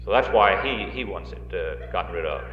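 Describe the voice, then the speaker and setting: Low-pitched and expressive, the man speaks at a moderate pace amid background noise, delivering a live political speech as guest speaker at a rally in a large hall. His style is folksy with joking asides and many hesitant fillers, and the 1960s reel recording of the hall sounds roomy and dull.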